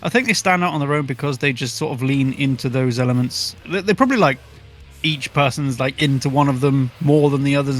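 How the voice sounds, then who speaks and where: A man's voice: medium pitch, a bit bright, a little hiss or hum. Jokey, laughing male podcast co-host. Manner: jokey, laughs often, crude humor. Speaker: album review co-host. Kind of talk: casual podcast chat.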